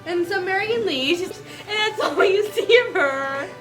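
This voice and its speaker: A woman's voice: extremely high pitch, unhurried, faint music behind, low-quality recording. A young woman casually retelling the plot of a play, giggling often and acting out voices. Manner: giggly, animated, slangy. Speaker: host.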